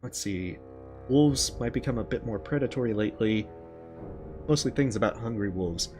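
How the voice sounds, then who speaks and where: A man giving casual gameplay commentary, relaxed and rambling, with frequent fillers. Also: lowish voice, normal speed, faint music behind. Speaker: gaming channel host.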